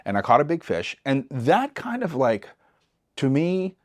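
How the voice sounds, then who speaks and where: A middle-aged man from East Los Angeles, a podcast guest telling a story in a relaxed way, acting out the other people's voices and often restarting his words. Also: mid-range voice, a little slow. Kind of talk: casual storytelling interview.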